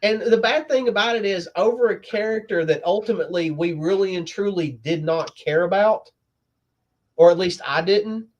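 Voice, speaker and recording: A laid-back man with a fairly high voice, telling stories in casual chat about comics. He talks easily and unhurried, recounting things step by step. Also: highs cut off. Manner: storytelling, laid-back with laughs. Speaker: podcast co-host.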